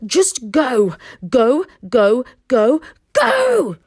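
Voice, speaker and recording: A young Viking boy speaks in a raised, exasperated voice, pleading and shouting at his disobedient dragon, as a woman reads him aloud. His tone swings widely in pitch, in a close, dry storybook reading. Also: sing-song, slow pace, no room sound, heavily acted.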